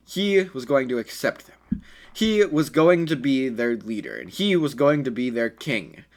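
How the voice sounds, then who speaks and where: A man's voice: mid-range voice, sing-song, measured pace. A man telling an improvised fan story in a casual, rambling way, with many fillers and self-corrections.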